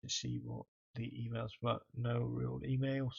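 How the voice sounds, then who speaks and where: A man's voice: mid-range voice, flat delivery, unhurried, creaky, breathy edge, highs cut off. A tired man, casually commenting on a college football game stream as he reads through the stats. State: tired, yawning. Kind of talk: casual let's-play commentary.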